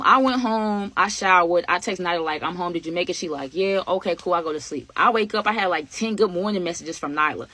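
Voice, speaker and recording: A young woman telling a casual storytime to her viewers, slangy and animated, with an occasional stammer. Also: on the low side. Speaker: vlogger.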